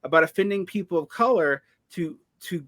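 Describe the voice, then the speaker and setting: A man's voice: high-pitched, lively intonation, brisk, a bit bright, no echo. A man from the Southern United States in a casual political discussion, telling stories with wry asides. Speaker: podcast guest or host.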